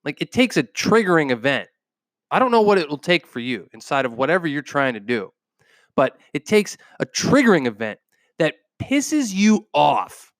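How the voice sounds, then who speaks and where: A man hosting a motivational podcast, his voice sitting a little higher than most men's. He speaks with intensity and emphasis, hammering phrases again and again. The sound is close and dry, with no room around it. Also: very animated, brisk, no echo. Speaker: podcast host. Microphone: microphone.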